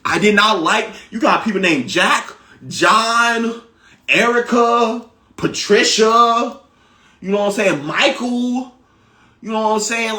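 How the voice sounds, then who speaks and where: Man, spiritual teacher: bright, high voice; preachy, emphatic delivery with repeated lines and sudden loud bursts. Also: takes it slowly. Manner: swings from loud exclamations to low, quiet asides. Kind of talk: motivational spiritual monologue.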